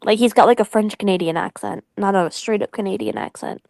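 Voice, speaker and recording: A woman's voice: mid-range voice, fairly quick, creaky, a little mellow, no room sound, clean studio sound. A woman in a casual podcast chat, speaking frankly with many "like" fillers.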